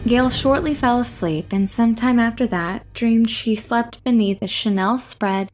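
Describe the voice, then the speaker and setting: A woman narrating a horror story in a measured, suspenseful reading. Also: fairly high pitch, soft background music.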